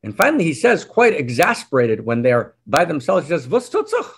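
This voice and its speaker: A man giving a sermon as a spiritual teacher, telling a story in a wry, expressive and intimate way. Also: a little high, a little fast, vocal fry, breathy edge.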